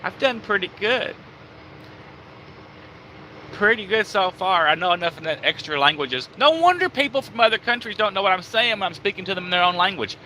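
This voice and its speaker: A man's voice: sits high, animated, brisk, sharp tone, slight background noise. A man, co-hosting a casual live stream from a truck cab, teasing and playful. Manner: teasing, playful, admits he stutters less now. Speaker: trucker co-host.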